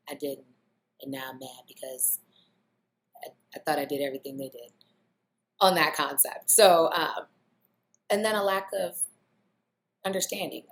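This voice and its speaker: A woman's voice: deep voice, slight background noise. A young woman talking in a casual, reflective monologue, loose and conversational. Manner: conversational, loose, with many "you know" fillers. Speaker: vlogger.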